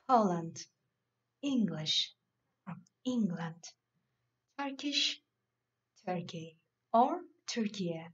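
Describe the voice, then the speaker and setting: A woman teacher going slowly through English vocabulary lists of countries and nationalities in a classroom lesson. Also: mid-range voice, fairly bright tone, slightly rough. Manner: reads word lists slowly and deliberately. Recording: dull lo-fi recording.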